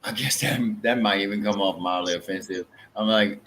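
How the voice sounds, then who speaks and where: A man's voice: lowish voice, normal speed, a bit bright, a little hiss or hum. An American man streaming and chatting casually, laid-back and joking, with some swearing. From United States. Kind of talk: casual chat.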